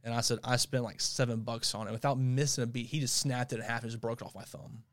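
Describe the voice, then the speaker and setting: A man co-hosting a podcast, telling a story in casual chat, animated, laughing often and stumbling over repeated words. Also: medium pitch, fast talker. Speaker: podcast co-host.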